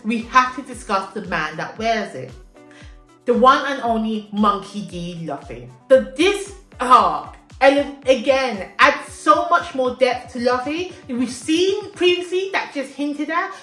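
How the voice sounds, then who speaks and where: Animated woman recapping anime, echoey room. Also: fairly high pitch. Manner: animated, emotional, emphatic with repeated "okay?". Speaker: anime vlogger. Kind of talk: casual recap commentary. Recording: echoey room with faint music.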